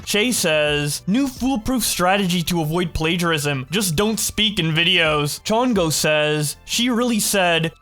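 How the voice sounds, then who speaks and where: A man hosting a commentary channel, reading out social media posts and reading each quote a bit quicker than his narration. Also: lively intonation, a bit bright, soft background music. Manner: reads quoted posts faster and a touch higher.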